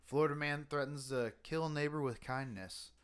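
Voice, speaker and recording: A man's voice: a little high, normal speed, clean tone. A man co-hosting a podcast, loosely retelling strange news stories with fillers and swearing. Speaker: podcast co-host. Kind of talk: casual chat, reading news stories aloud.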